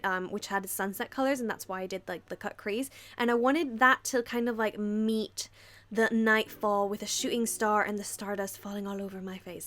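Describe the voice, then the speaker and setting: A woman's voice: medium pitch, fairly bright tone. A young woman narrating a makeup tutorial in a chatty, rambling way, often laughing at her own slips. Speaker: beauty vlogger. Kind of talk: casual makeup tutorial voice-over.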